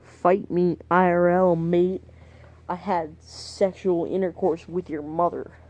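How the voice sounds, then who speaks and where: A man's voice: high voice, level tone, slow pace, darkish tone. A young man telling a story in a rambling vlog monologue, crude and profane, trailing off topic and muttering whispered asides. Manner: meandering, drifts off topic. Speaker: vlogger.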